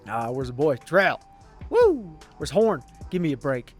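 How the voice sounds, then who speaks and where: A man commenting on a football video game, swinging from quiet mumbling to excited yelling. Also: fairly high pitch, unhurried, faint music behind. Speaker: gaming YouTuber.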